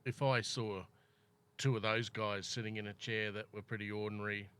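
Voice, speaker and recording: An Australian man with a bright, forward voice sitting a little low in pitch. He tells a rambling story in casual chat, swearing freely and throwing in loud acted-out quotes. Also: flat delivery, moderate pace, smooth. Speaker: podcast guest.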